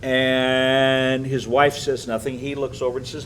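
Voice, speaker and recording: An older man, a pastor, teaching a Bible study with animated, chuckling storytelling in a church. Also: mid-range voice, slow pace, slight background noise, low-quality recording.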